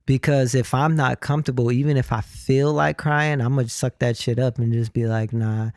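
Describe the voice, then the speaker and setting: Affirming podcast host, dry sound. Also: male voice, medium pitch, steady tone, brisk, dry recording. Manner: affirming, reflective listener. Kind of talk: casual podcast conversation.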